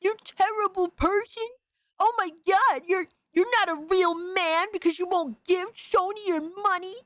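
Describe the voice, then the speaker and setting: A man putting on a squeaky, whiny male critic who lectures everyone in a high, sarcastic sing-song. The voice sits well above a normal man's and sounds dry and close, with no room around it. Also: moderate pace, pushed and bright, dry recording. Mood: mocking. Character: whiny, preachy male critic being mocked.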